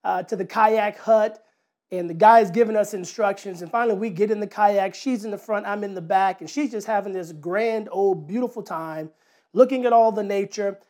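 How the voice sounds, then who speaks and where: A man's voice: high voice, normal speed, darkish tone. A man preaching a sermon, talking in a conversational way with rhetorical questions, repeated words and a personal story.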